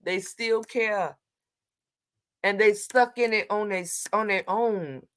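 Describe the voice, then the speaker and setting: A woman hosting a relaxed livestream chat, reacting to viewer comments as she goes. She talks in a sassy, emphatic, down-to-earth way and draws out her exclamations. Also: medium pitch, smooth. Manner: colloquial, drawn-out exclamations.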